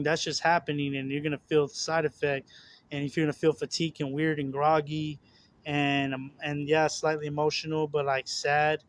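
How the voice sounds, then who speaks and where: A young man talking casually and earnestly about his spiritual struggles, rambling with repeated words, fillers and restarts. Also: a little high. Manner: earnest, confessional. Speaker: religious video host.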